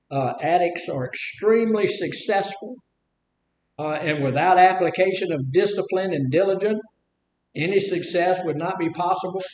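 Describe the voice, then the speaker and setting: A man's voice: high voice, roomy sound, rough recording. A man from Mississippi with a Southern accent, giving a folksy, conversational recovery talk full of rhetorical questions. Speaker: addiction recovery speaker.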